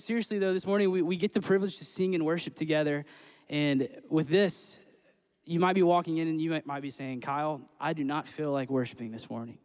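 Upbeat male worship leader, slightly high voice, sanctuary reverb. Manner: upbeat, joking, earnest. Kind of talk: church service worship talk and scripture reading. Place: church sanctuary. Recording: echoey church hall with long reverb.

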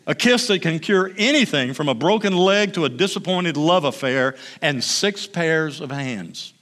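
A man's voice: a little high, expressive, measured pace. A man reading an eager, tireless Creator God. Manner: eager and bright.

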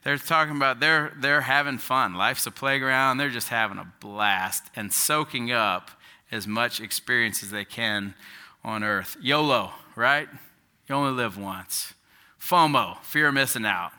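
Bright-voiced preacher asking questions. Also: male voice, mid-range voice, a little slow, clean tone. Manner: conversational preaching with rhetorical questions. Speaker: pastor. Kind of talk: sermon.

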